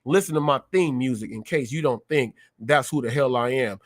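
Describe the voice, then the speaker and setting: A man's voice: mid-range voice, a little fast. A man hosting his own live show, ranting combatively at viewers and repeating phrases for emphasis. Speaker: live-stream show host. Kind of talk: heated live-stream rant.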